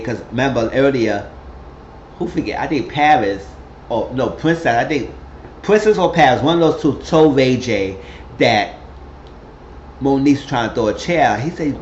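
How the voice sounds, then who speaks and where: A man telling a casual, animated recap of a reality show, acting out the quotes as he goes. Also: mid-range voice, normal speed, pauses often, a little hiss or hum. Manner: animated storytelling with acted quotes. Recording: roomy, slightly dull recording.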